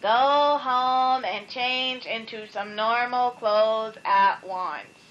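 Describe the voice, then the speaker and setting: Lady putting on a stuffy teacher lady, slow nasal quacky drawl, storybook reading. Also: a little high, a bit bright, dull audio. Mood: disapproving. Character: prim slow-drawling female schoolteacher.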